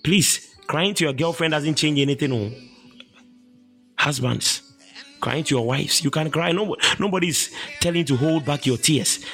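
A man preaching a sermon with an impassioned, sing-song cadence that builds to shouted, repeated exhortations. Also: fairly high pitch, normal speed, soft background music.

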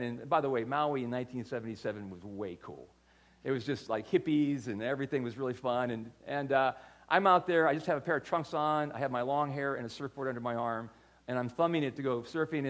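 An older man giving a sermon, telling stories in a conversational way with frequent restarts and repeated words. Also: mid-range voice. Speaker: pastor.

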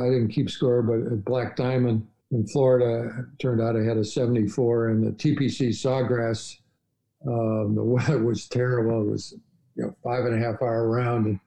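An older man recounts his travels in a relaxed, mellow voice. He rambles along with frequent "uh"s and restarts, like a guest in a casual chat. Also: mid-range voice, gravelly, rough recording. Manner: rambling, many fillers and restarts. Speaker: podcast guest. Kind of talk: casual storytelling interview.

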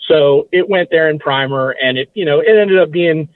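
This interview guest has a slightly high voice and a moderate pace. He reminisces in a rambling fashion, fixing his own words as he goes, over a dry, tinny line that sounds like a phone.

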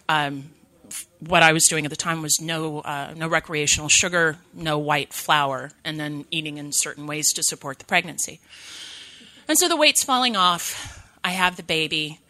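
Woman in her thirties, from California, recovery share. Low, sharp voice, candid and self-mocking. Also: no echo. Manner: candid, self-deprecating humor. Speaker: speaker at a recovery meeting. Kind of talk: personal recovery testimony.

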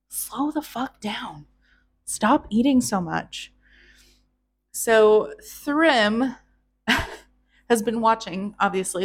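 A woman telling an old myth in a casual, chatty way, slow and unhurried in her delivery. Her tone is irreverent, with swearing and little laughs at her own jokes, at an ordinary middle pitch. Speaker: storyteller host.

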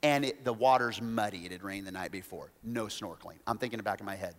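A man preaching, telling a self-mocking story with animated, acted-out quotes. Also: fairly low pitch, quick pace, a little hiss or hum. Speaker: pastor. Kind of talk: storytelling sermon. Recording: long reverb of a large hall.

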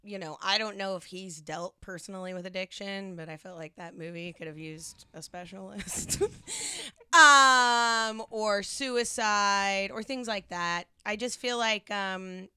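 A young woman co-hosting a podcast in casual chat, animated and quick with jokes. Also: mid-range voice, smooth, dry recording, studio quality. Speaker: podcast co-host.

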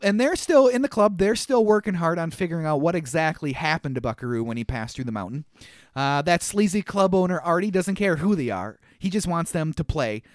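A man in his thirties chats through a movie recap with a fairly high, bouncy voice that rises and falls freely. He laughs often and leans on fillers as he tells the story. The recording is dry and close, with no room sound. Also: lively intonation, a little fast, no echo. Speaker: podcast co-host. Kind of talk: casual movie recap chat.

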